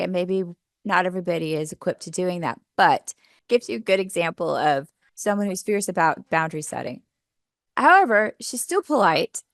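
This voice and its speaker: A woman's voice: mid-range voice, fairly bright tone, dry recording, studio quality. Upbeat woman coaching a workshop. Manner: upbeat, coaching, asks the audience questions. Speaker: teacher trainer. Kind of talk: workshop presentation.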